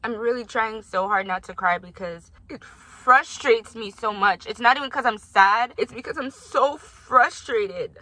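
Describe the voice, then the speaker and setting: Woman vlogger, indignant, emphatic, bright tone, dry recording. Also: on the high side, unhurried, dry recording, low-quality recording. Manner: emphatic, indignant, talks straight to viewers. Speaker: vlogger reacting to her own recording. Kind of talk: heated commentary.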